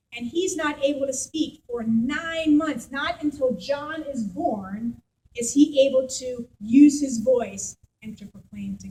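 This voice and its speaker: Animated woman pastor, high voice. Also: poor audio. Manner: animated storytelling, conversational with congregation. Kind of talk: sermon. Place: church.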